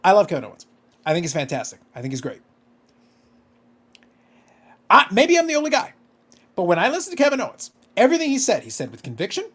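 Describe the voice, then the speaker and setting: A man's voice: high-pitched, wildly swooping pitch, quick pace, long pauses, fairly bright tone, slightly rough. A man co-hosting a casual podcast chat, ranting with profanity and disbelief. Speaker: podcast co-host.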